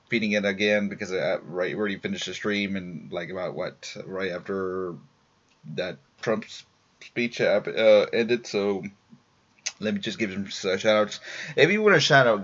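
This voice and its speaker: Worn-out male stream host, rambling and filler-heavy, low-ish voice, muffled lo-fi sound. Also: fairly bright tone. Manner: rambling, many fillers and restarts. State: tired after a long workday. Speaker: live-stream show host. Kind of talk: casual live-stream shout-outs. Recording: dull lo-fi home stream audio.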